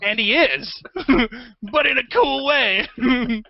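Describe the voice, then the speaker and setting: A man, a composer guest, telling stories in a rambling, profane, excitable way in a casual interview. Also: extremely high pitch, slow pace, dry recording, lo-fi sound. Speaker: guest, video game composer.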